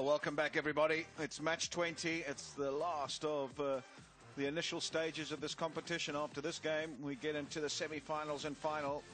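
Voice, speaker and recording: Man, cricket commentator, chatty, fillers, raised pitch, faint background music. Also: fairly bright tone. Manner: chatty, filler-heavy presenting. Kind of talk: broadcast sports commentary.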